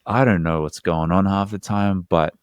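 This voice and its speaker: Male therapist guest, low voice, earnest and explanatory, dry close-miked studio sound. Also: fairly even intonation, normal speed, clear, resonant tone, dry recording. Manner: earnest, explanatory, slangy asides. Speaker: hypnotherapist guest. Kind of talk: casual podcast conversation.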